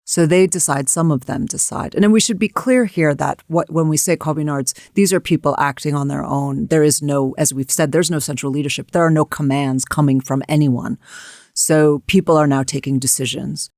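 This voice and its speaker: An American woman co-hosting a history talk, her voice gravelly with a creaky edge. She tells events in a vivid, emphatic way. The sound is close and dry. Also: sits low, normal speed, a little mellow, no room sound. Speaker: co-host. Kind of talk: history discussion.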